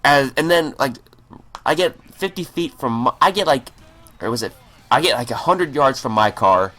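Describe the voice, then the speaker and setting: A man hosts a gaming video and tells a long story in a loose, swearing ramble, tripping over his words and starting sentences again. His voice moves freely up and down in pitch, with a middling, ordinary register underneath. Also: sharp tone. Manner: rambling and profane, with stammered restarts. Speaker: gaming channel host. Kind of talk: casual storytelling over gameplay.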